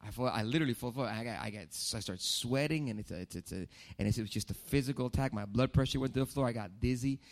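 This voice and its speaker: A male pastor telling a personal story in a sermon, animated, with repeated phrases for emphasis. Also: mid-range voice, fast talker, hardly any pauses.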